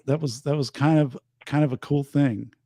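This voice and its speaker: A man's voice: medium pitch, moderate pace, no room sound, clean studio sound. A man, hosting a show and telling rambling stories in casual chat. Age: 50s. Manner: animated rambling storyteller. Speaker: show host and teacher.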